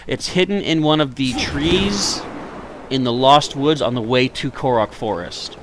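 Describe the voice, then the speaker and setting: A man's voice: medium pitch, a little slow, background noise. A man giving casual, rambling commentary while live streaming a video game and chatting with viewers, sounding tired. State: tired, yawning.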